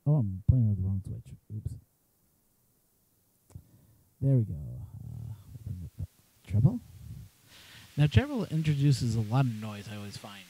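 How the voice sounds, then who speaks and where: A man's voice: lowish voice, very animated, measured pace, pauses often, dark tone, a little hiss or hum, poor audio. A middle-aged man from Canada, rambling casually as he tests a cheap wireless microphone for his maker livestream. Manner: rambling, chatty, jokey. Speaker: maker channel host. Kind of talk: casual mic test livestream.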